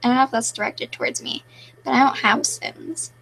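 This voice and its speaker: A woman's voice: fairly high pitch, fairly even intonation, brisk, creaky, a bit bright, breathy edge, low-quality recording. A young woman casually chatting on a live stream, reading viewer questions aloud and answering them offhandedly.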